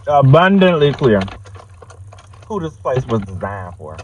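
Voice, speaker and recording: A man's voice: medium pitch, unhurried, lo-fi sound, a little hiss or hum. A man from South Carolina with a Southern accent, chatting casually and profanely in his car about life on the road. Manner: loose, profane, animated storytelling. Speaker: vlogger and delivery driver. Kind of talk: casual chat. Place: inside a car.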